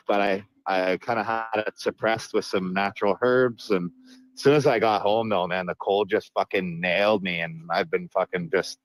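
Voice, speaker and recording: A man's voice: fairly low pitch, low-quality recording. A man chatting casually as a guest, rambling in a laid-back way with loose swearing. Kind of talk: casual chat.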